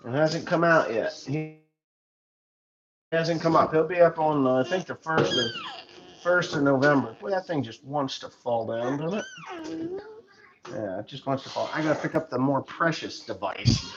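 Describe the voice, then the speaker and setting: A man's voice: a little high, huge pitch swings, normal speed, pauses often, a crowd in the background. A middle-aged man from the United States, a farmer telling rambling, joking stories on his livestream. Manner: chatty, joking storyteller. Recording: dull lo-fi sound with faint noise.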